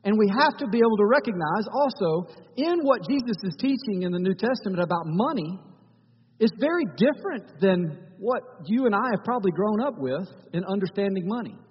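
A man's voice: sits high, expressive, fairly quick, long reverb tail, highs cut off, a little hiss or hum. A male pastor giving a conversational sermon in a church, often restarting his phrases.

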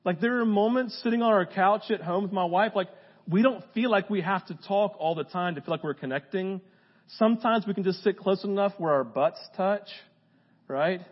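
A man's voice: sits high, moderate pace, highs cut off. A young man preaching a casual, joking sermon to a live congregation. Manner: casual, joking, talks straight to the crowd. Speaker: pastor. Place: church hall with a live congregation.

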